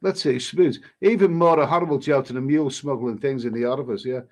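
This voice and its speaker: A man, a travel vlogger, casually reading viewer comments aloud and answering them in a halting way with many restarts. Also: medium pitch. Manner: halting, frequent restarts, reads comments aloud then replies. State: coughing now and then. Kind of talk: casual live-stream chat.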